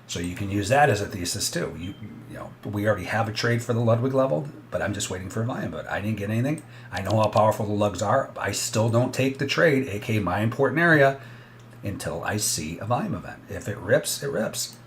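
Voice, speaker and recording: Low-voiced man, live trading streamer, casual and blunt, faint hiss behind. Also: animated, fairly quick. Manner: casual, blunt, talks to viewers directly. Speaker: trader streaming live trades.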